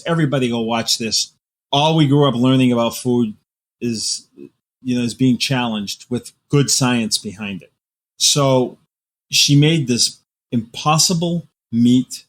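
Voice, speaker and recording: A man, a guest author, chatting casually in an interview, telling animated, vivid stories with playful exaggeration. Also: mid-range voice.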